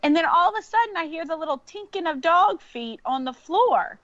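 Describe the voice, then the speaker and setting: A woman's voice: very high voice, lively intonation, fairly quick, a bit bright, dry recording. A woman, telling a story in casual chat and laughing often. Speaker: podcast guest. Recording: dull lo-fi sound.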